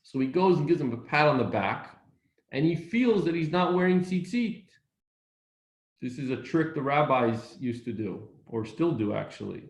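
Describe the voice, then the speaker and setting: Animated male storyteller in an echoey room. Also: a little high. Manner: animated storyteller, quick bursts. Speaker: community speaker. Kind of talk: inspirational storytelling talk.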